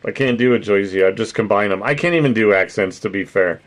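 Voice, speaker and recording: On a casual livestream, a man with a fairly low voice talks fast, rambling to viewers, swearing freely and laughing a lot. He has no particular accent.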